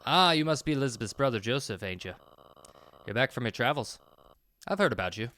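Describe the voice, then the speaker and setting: A man's voice: mid-range voice, animated, brisk, sharp tone, dry recording. A man voicing a blunt, dismissive stranger in a game, putting on a made-up accent. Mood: surly. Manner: blunt, dismissive, calls people mate. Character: rough, surly male stranger at the manor.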